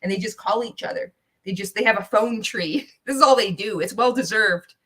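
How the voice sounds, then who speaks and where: A woman's voice: medium pitch, moderate pace, bright, forceful tone, breathy edge. A woman hosting a casual live-stream reaction, sarcastic, swearing freely and laughing often as she comments. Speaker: livestream reaction host.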